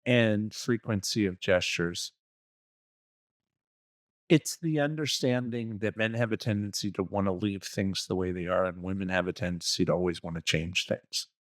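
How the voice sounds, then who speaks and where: A man's voice: deep voice, fairly even intonation, a little fast, few pauses, no echo, clean studio sound. A man co-hosting a relationship coaching podcast, giving blunt, profane advice in a casual way and acting out little scenes. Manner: blunt and profane, acts out quoted dialogue.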